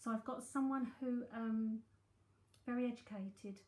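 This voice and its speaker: London lady doing a psychic reading, rambly and chatty, voice a bit on the high side, roomy echo. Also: steady tone, unhurried, darkish tone. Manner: chatty, rambling, thinking aloud with many fillers. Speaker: psychic medium. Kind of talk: live-streamed reading, casual chat.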